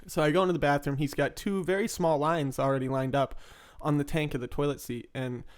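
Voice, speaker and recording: A man with a slightly high voice tells his story casually and with energy. He laughs often and acts out other people's lines, sometimes loudly. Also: steady tone, brisk. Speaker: interviewee in recovery.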